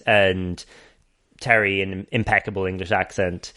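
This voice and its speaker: A man's voice: low voice, little pitch movement, moderate pace, pushed and bright. A man hosting a podcast, retelling a film's plot in rambling, sweary casual chat and laughing often. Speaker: podcast host.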